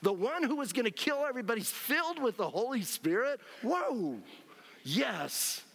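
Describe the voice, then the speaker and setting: A man preaching a lively, animated sermon as pastor, acting out scenes and whooping with joy. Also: very high voice, normal speed, creaky, slightly rough. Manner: animated, acts out scenes, frequent shouts of joy. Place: church sanctuary. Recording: long hall reverb.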